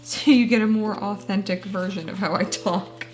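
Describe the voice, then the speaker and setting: A woman's voice: mid-range voice, steady tone, normal speed, soft background music. A woman chatting casually while she decorates a journal page, self-deprecating and laughing often. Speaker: booktuber. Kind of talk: casual chat while crafting.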